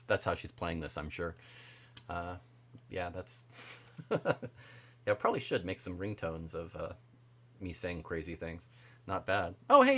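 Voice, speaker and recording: Low-voiced chatty livestream host. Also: male voice, fairly bright tone. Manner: chatty, reads viewer comments aloud, frequent fillers and restarts. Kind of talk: casual livestream chat.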